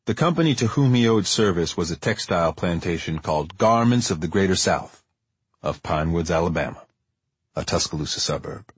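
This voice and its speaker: A man giving measured, deliberate first-person audiobook narration in a dry storytelling manner. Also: low-pitched, lively intonation, husky, dry recording.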